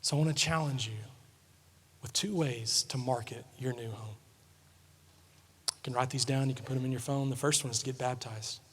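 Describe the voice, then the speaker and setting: A man preaching a sermon, telling a family story with lively swings between quiet asides and loud, excited moments. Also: mid-range voice, moderate pace, pauses often, slightly rough. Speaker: pastor. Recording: long hall reverb.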